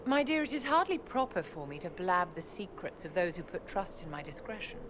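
A woman's voice: on the low side, animated, brisk, natural voice. An actress voicing a poised, imperious female court enchanter in a video game, with formal and condescending diction. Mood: regal, aloof. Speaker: game character. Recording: game audio with background noise.

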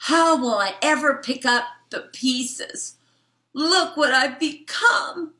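A woman voicing a male fly trapped in a vacuum cleaner, talking in a slow, melodramatic, mournful way while reading a storybook aloud. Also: high voice, pushed and bright, pitched above the performer's own voice, exaggerated voice. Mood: despairing.

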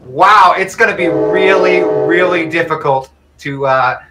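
A man's voice: fairly high pitch, measured pace, music in the background. A man acting as game master, chatting and laughing as he calls out dice rolls. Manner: chatty, laughs often, thinks aloud over dice rolls. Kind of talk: narrating a tabletop game on a live stream.

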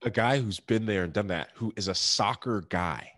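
A man's voice: on the low side, moderate pace, fairly bright tone, no room sound, clean studio sound. A man in his thirties telling his story in an interview, earnest and reflective, laughing often. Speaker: podcast guest, former pro athlete.

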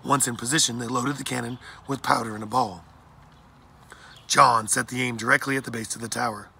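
A man reading a children's adventure story aloud in a plain, steady narration. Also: mid-range voice, a little fast, creaky, slight background noise. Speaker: audiobook reader.

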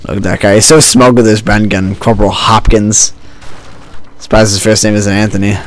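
A man's voice: lowish voice, fairly even intonation, fast talker. A man hosting a let's-play, giving joking, sarcastic running commentary into a home desk mic with a homemade pop filter. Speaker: gaming channel host. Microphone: home desk mic with a homemade pantyhose pop filter.

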